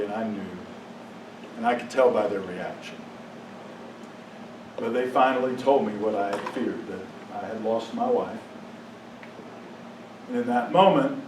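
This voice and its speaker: A man giving a personal testimony to a congregation, telling his story with emotion, sometimes dropping to a hushed, halting voice and sometimes rising to impassioned outbursts. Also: mid-range voice, a little hiss or hum. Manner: drops to a hushed, halting voice at painful moments. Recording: echoey room, mic at a distance.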